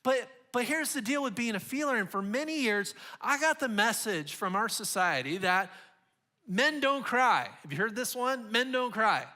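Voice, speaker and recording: A man's voice: high-pitched, expressive, moderate pace, few pauses, sharp tone. A man in his forties giving a sermon as a guest speaker, earnest and confessional, often restarting his sentences.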